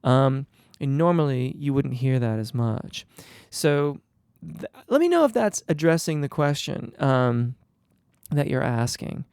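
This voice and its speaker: A male singing teacher answering viewer questions live, a bit under the weather, explaining in a relaxed way with frequent ums and restarts. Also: medium pitch, a little slow, gravelly, clean tone, no echo, studio quality. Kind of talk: live Q&A on voice technique.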